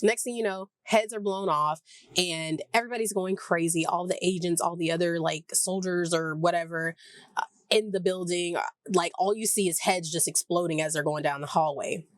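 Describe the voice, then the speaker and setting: A woman's voice: on the low side, steady tone, normal speed, no room sound. A woman with a Southern US accent casually recapping a TV episode, rambling and chatty with lots of "like". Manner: rambling, chatty, heavy use of "like", acts out characters' lines. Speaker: TV review vlogger.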